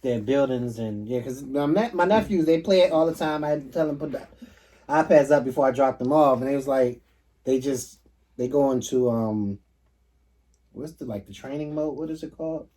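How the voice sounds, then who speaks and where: A man's voice: medium pitch, moderate pace. Chatty man laughing, heard from a distance. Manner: laughs loudly, trails off searching for words. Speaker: host. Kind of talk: casual chat, asking questions. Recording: distant mic with faint noise.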